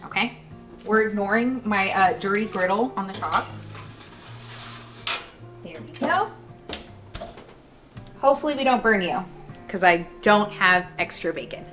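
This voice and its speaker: A woman's voice: mid-range voice, fairly bright tone, rough recording. A woman hosting a casual cooking demonstration in a home kitchen, chatty and self-deprecating with joking asides. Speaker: cooking show host.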